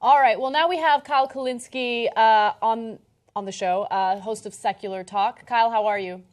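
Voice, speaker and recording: Animated woman hosting live election coverage. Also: a little high, normal speed. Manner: animated, candid storytelling. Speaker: host.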